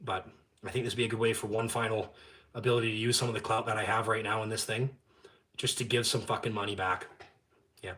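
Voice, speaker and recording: A man hosting a live stream, talking bluntly and with heavy swearing, jumping from loud outbursts to low muttered asides. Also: little pitch movement, quick pace, pauses often. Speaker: YouTube channel host. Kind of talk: profane live-stream rant.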